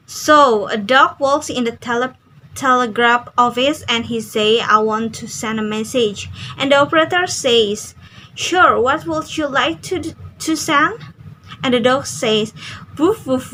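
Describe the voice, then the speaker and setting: A young woman reads a radio interview script aloud at an unhurried pace. Her voice sits high and bright, with a faint hiss behind it. She reads carefully, with small slips and restarts. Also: rough recording. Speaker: student. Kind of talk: reading an interview transcript aloud.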